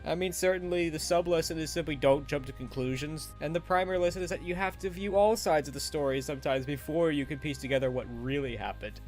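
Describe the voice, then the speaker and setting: A man's voice: on the high side, quick pace, few pauses. Chatty man reviewing a cartoon. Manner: chatty and animated, often laughing at himself. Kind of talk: casual spoken review commentary. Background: faint background music.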